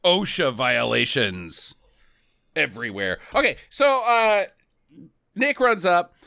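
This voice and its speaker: A man's voice: on the high side, very animated, slow, vocal fry, pushed and bright, no room sound, studio quality. A man co-hosting a podcast, casually retelling movie scenes with jokes, mock voices and frequent laughter. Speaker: podcast co-host. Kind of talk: casual comedic movie review chat.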